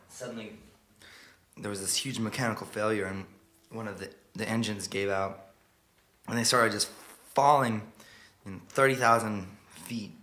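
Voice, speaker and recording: A man performing live, telling a story in a quiet, halting way before a song. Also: lowish voice. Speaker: singer-songwriter performing live. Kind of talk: spoken story intro over guitar. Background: guitar playing.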